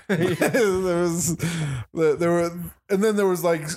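A young man hosts a casual podcast chat with friends. His voice sits a little high, and he rambles excitably and laughs often. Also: slow. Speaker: podcast host.

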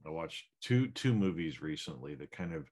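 A man's voice: very deep voice, lively intonation, normal speed, darkish tone. A man co-hosting a podcast, musing in a reflective, rambling way with many fillers. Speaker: podcast co-host. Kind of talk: casual chat.

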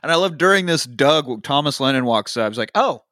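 A man co-hosting a podcast, recapping a movie with lively quoted lines, swearing and laughs. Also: medium pitch, brisk, no echo. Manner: animated retelling, quoting characters, swearing, laughing. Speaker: podcast co-host. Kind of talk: casual movie recap chat.

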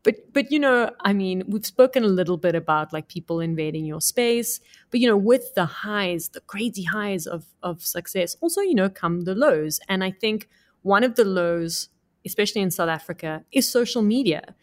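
A woman's voice: mid-range voice, lively intonation, moderate pace. A woman hosting a talk show, asking her guest questions in a bubbly, chatty way with frequent laughs and exclamations. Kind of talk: casual interview chat.

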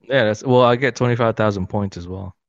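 A man's voice: fairly low pitch, brisk, no room sound, muffled recording. A man co-hosting a podcast, teasing and playful in casual chat. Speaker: podcast co-host.

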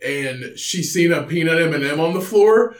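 A man's voice: on the high side, animated, normal speed, echoey room. A man from Indiana co-hosting a casual podcast, profane and emphatic, often breaking into laughter. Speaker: podcast co-host.

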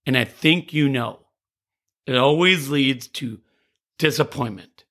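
A man's voice: mid-range voice, takes it slowly, fairly bright tone. A male teacher telling a personal story about owning up to a mistake, earnest and repeating phrases for emphasis, stumbling over restarts now and then. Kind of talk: personal story, motivational talk.

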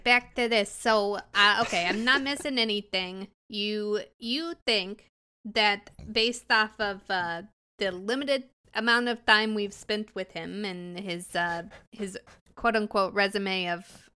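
A woman's voice: mid-range voice, bright, forceful tone, clear, resonant tone. A woman playing a tabletop role-playing game who talks playfully and narrates what her character does. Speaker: player.

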